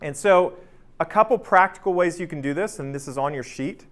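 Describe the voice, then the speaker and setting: Slightly high and a little fast, a thirty-something man leads a casual training session on the job. He keeps the workshop conversational, asks "right?" frequently, and dramatizes anecdotes with energy.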